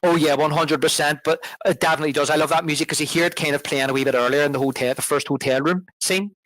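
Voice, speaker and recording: A man's voice: a little high, fairly even intonation, fast, fairly bright tone, no echo, low-quality recording. A man co-hosting a film podcast, rambling through a casual film discussion with many restarts as he retells scenes. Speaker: podcast co-host. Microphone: podcast microphone.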